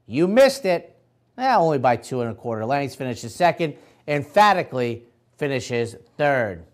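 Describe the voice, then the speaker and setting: A man's voice: medium pitch, very animated, moderate pace. A man hosting a racing show, recapping results in a casual, chatty way and addressing the audience directly.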